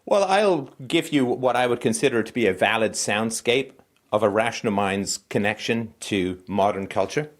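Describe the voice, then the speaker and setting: A man hosting a call-in show, talking in an animated, conversational way. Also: on the low side, moderate pace. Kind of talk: call-in talk.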